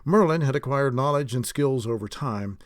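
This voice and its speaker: A man narrating a fantasy audiobook chapter in an expressive storytelling way. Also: mid-range voice, normal speed, no echo, clean studio sound.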